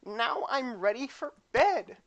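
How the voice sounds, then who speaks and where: A man voicing a clumsy, cheerful eighteen-year-old girl in a high, squeaky falsetto. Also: expressive, slow, a bit bright, muffled recording, heavily acted. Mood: ditzy. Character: klutzy young woman, eighteen, silly and cheerful.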